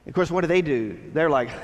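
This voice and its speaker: A man's voice: on the high side, long reverb tail. A man preaching a sermon as pastor, earnest and addressing the congregation with rhetorical questions.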